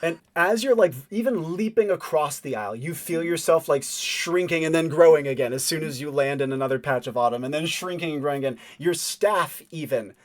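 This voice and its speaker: Guy running a tabletop game, kinda high voice, chatty and laughing a lot. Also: a little fast, hardly any pauses. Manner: loose, filler-heavy narration with frequent laughs. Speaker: game master.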